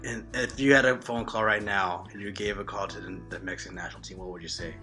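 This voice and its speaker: Male podcast host, lowish voice, playful teasing banter, faint music underneath. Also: fairly even intonation, fast, sharp tone. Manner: playful, teasing, mock-dramatic. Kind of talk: casual sports chat.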